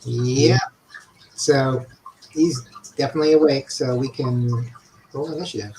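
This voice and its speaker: Man, game master, relaxed and halting, many fillers, faint background noise. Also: mid-range voice, rough recording. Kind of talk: running a tabletop game online.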